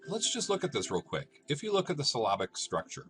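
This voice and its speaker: A man teaching a lesson, explaining step by step in short, deliberate phrases and checking in with his listeners as he goes. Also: low-pitched, sing-song, fairly bright tone, soft background music.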